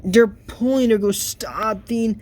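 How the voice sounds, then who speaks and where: A man's voice: high voice, takes it slowly, a little mellow. A man giving casual, rambling reaction commentary on a cartoon episode for his YouTube channel, laughing at his own jokes.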